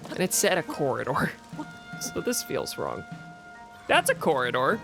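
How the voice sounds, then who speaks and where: A man streaming a video game, thinking out loud in casual commentary and poking fun at himself. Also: on the high side, huge pitch swings, vocal fry. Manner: musing aloud, self-mocking, quick laughs. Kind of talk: casual let's-play commentary. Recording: faint game music behind.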